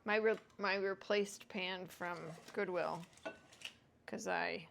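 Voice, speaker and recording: A woman's voice: medium pitch, steady tone, slow, vocal fry, heavy background noise. A woman hosting a home cooking vlog, chatting casually and self-deprecatingly to viewers as she cooks. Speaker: home cooking show host.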